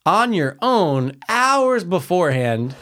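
A man's voice: high-pitched, slow pace. Crude storytelling young man. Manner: crude storytelling, animated quoting. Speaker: podcast co-host. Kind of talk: casual chat.

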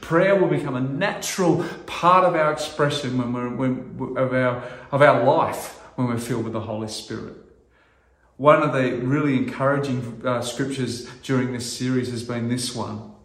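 Middle-aged male pastor, earnest halting sermon delivery, average pitch, roomy echo. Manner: earnest, halting with restarts, rising to loud emphasis.

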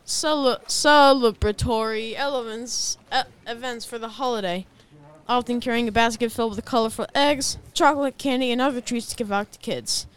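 A woman's voice: a little high, smooth, no room sound. A woman reading out prepared facts in a comedy bit, giggling and stumbling over her words.

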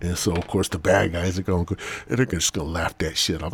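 A man's voice: deep voice, steady tone, fast talker, hardly any pauses, husky, dry recording. A man hosting a podcast alone, rambling loosely through a profane monologue into a mic. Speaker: podcast host.

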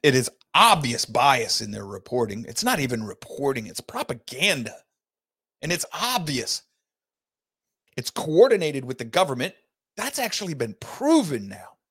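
A middle-aged man with a drawl hosts an opinion talk show in a gravelly, creaky voice. He sounds folksy and preachy. He pounds his points home with big swings in pitch, from soft asides to loud bursts. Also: very animated, moderate pace. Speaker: host.

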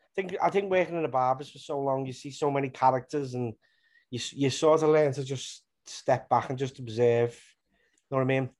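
A man's voice: mid-range voice, a little fast, a little mellow. A man with a Liverpool accent, a comedian guest telling rambling stories in casual interview chat and swearing freely. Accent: Liverpool (Scouse). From Liverpool, England.

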